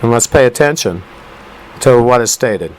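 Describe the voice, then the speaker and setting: A man's voice: mid-range voice, lively intonation, normal speed, darkish tone, a little hiss or hum, poor audio. A man hosting a talk radio show, commenting on a news clip in an emphatic, rambling way with rhyming asides. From United States.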